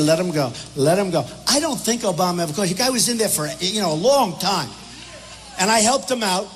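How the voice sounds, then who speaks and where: Older man shouting a rally speech. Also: high voice. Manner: rambling, repetitive, combative. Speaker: political candidate. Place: airport hangar rally with crowd. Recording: echoey hall, faint background noise.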